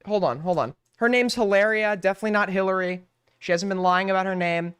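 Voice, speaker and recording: A male streamer rants on, incredulous and swearing freely, hammering each point twice. His voice comes through smooth and resonant, dry and close to the mic, with no room around it. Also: high-pitched, fast talker, a bit bright, no echo. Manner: profane, incredulous, repeats himself. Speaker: streamer host. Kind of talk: ranting commentary.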